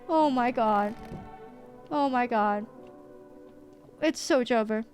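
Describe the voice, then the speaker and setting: A young woman streaming a game live, excitable and jumpy, reading the game's characters aloud between her reactions. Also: fairly high pitch, slow, long pauses, soft background music.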